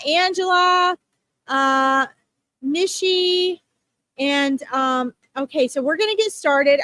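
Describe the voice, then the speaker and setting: A woman hosts live psychic readings, talking casually and reassuringly to her viewers on a livestream with frequent "okays" and "ums." Her voice is high-pitched and fairly bright, with no room sound.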